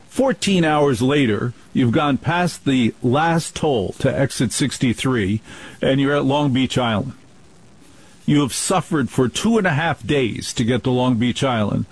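A man's voice: medium pitch, lively intonation, unhurried, husky, poor audio. A middle-aged man from New Jersey hosting a spoken-word radio show, telling blunt, rambling stories with wry asides. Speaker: radio talk host.

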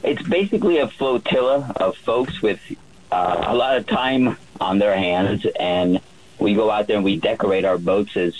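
Husky low-voiced man telling a story. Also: rough recording. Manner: relaxed storyteller with many fillers and restarts. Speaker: yacht chef. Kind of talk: storytelling on a radio call-in.

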